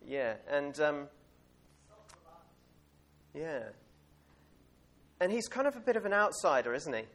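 A man's voice: on the high side, very animated, takes it slowly, a bit bright. A man giving an informal sermon in a church, chatty and rambling, with plenty of fillers and light laughs. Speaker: preacher.

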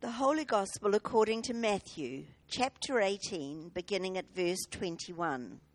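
A woman reads Bible passages during a church service. She takes her time, unhurried and clear. Her pitch sits mid-range as she lifts the quoted lines with expression. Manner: measured, expressive reading aloud. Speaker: scripture reader. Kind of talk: liturgical Bible reading.

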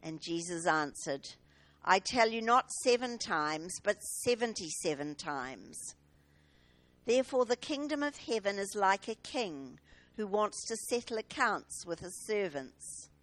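A woman reading scripture aloud at a church service, measured and expressive. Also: medium pitch, no room sound. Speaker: scripture reader. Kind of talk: liturgical Bible reading.

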